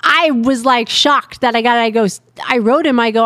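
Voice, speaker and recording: Woman, middle-aged, higher voice, chatty storyteller, dry close sound. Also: moderate pace, fairly bright tone, dry recording. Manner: chatty storyteller, quotes others. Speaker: podcast co-host. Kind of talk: casual chat.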